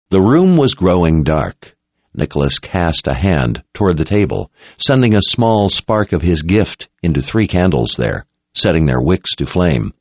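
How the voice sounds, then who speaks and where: A man reading fantasy fiction aloud in a measured, dramatic storytelling style. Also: low-pitched, big pitch swings, darkish tone, no echo. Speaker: audiobook narrator. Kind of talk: scripted fantasy narration. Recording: dull lo-fi recording.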